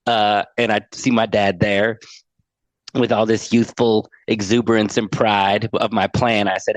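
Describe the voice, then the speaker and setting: A man's voice: on the low side, level tone, a little slow, no room sound. A middle-aged man on a podcast, earnestly telling a heartfelt personal story as an anxiety coach and often repeating words as he goes.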